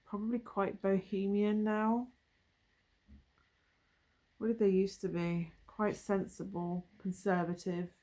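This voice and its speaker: This woman reads tarot cards in a relaxed, musing way, thinking aloud and trailing off into asides. Her voice sits at an ordinary middle pitch for a woman, and she talks casually to the viewer from a table at home. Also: takes it slowly, long pauses. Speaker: tarot reader. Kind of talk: casual tarot reading to camera.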